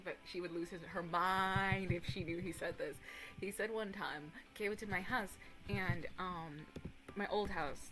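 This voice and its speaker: A young woman in her twenties streaming casual chat, rambling and animated, swearing casually and breaking into excited impressions of others. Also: fairly low pitch, low-quality recording.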